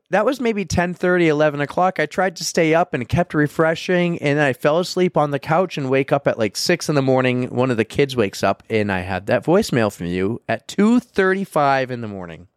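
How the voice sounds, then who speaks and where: A man's voice: fairly high pitch, lively intonation, normal speed, few pauses, no room sound, clean studio sound. A man hosting a podcast, chatting casually and leading his guest with questions. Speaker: podcast host. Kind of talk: casual chat.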